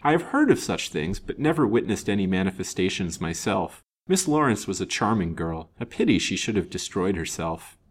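A man reading aloud and voicing a nervous, falsely polite fine gentleman. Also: deep voice, very animated, normal speed, few pauses, slightly rough, full character voice. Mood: uneasy. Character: uneasy, shifty fine gentleman. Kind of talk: storybook reading.

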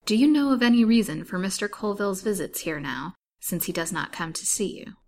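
A woman reading aloud in the voice of a courteous male detective, formal and measured. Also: medium pitch, darkish tone, slight background noise, close to an everyday voice.

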